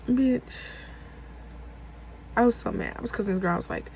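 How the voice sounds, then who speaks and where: A young woman telling a casual storytime vlog, animated and profane, acting out heated quotes. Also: a little high, normal speed, vocal fry, long pauses, slight background noise, rough recording. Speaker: vlogger.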